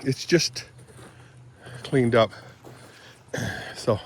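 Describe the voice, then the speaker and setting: A man's voice: mid-range voice, extremely slow, a little hiss or hum. Rambling older man vlogging outdoors. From Michigan. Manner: rambling, throat-clearing, chatty asides. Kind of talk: casual rambling vlog. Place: outdoors on his property.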